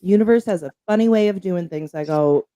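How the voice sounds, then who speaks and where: A woman co-hosting a podcast who tells stories in an animated way and laughs as she talks. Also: fairly low pitch, fairly quick, dry recording. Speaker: podcast co-host. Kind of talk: casual storytelling chat.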